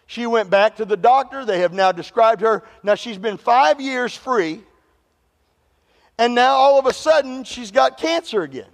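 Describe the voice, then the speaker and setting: High-voiced pastor preaching. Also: male voice, expressive, measured pace, in a large hall. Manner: call-and-response preaching with humorous storytelling. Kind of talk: sermon.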